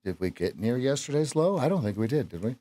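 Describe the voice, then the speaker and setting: A man's voice: medium pitch, big pitch swings, fast, warm tone, no room sound. A middle-aged man coaching on a live trading stream, chatting casually and joking at his own mistakes as he trades from his home desk. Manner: chatty, self-deprecating, talks to chat and himself while trading.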